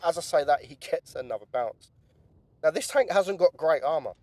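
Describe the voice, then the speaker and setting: A young man giving lively, chatty play-by-play commentary on a game replay, with some casual swearing. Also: fairly high pitch, moderate pace. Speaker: gaming YouTuber.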